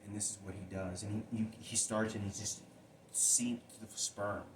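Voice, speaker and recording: A man telling a personal story in a halting, agitated way, with many restarts. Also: lowish voice, level tone, noisy background. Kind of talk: personal spoken monologue.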